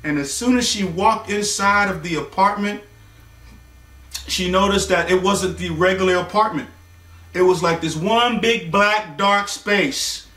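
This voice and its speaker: High, bright-voiced man telling a story. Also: measured pace, recorded from a distance. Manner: rambling, loose, with fillers and acted-out quotes. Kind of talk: casual spoken bedtime story. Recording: roomy echo, voice from away from the mic.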